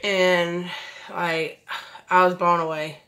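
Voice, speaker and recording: A woman's voice: lowish voice, little pitch movement, slow pace, sharp tone. A woman, chatting effusively through a makeup tutorial, recorded at home on a camera mic. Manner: chatty, effusive, says y'all a lot. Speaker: beauty vlogger. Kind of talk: casual makeup tutorial chat.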